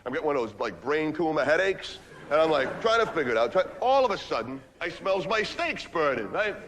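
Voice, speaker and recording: A man's voice: fairly high pitch, very animated, brisk, a bit bright, long reverb tail. An actor playing a brash, streetwise young man who rambles through a story in ungrammatical slang and keeps asking "right?" in a stage monologue. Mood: boastful. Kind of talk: theatrical comic monologue.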